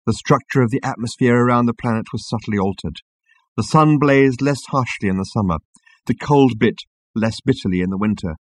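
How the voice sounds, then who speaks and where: A man reading an audiobook in scripted narration with a dry, measured storytelling manner on a close mic. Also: medium pitch.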